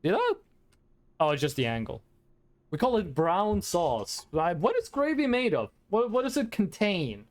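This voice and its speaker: A man's voice: high voice, very animated, measured pace. A man from Norway, chatting casually with his stream chat in a playful, rambling, teasing way.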